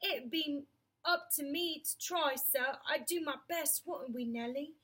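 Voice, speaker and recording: A woman's voice: high-pitched, a bit bright. Plain-spoken cockney cab driver, hesitant and humble, as a woman reader puts him on. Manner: hesitant, slow and deferential.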